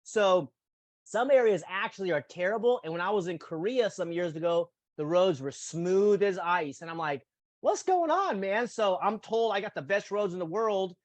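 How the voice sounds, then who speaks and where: A man hosting a casual podcast conversation, talking in an animated way and acting out quotes in goofy voices. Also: sits high, normal speed, no echo. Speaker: host.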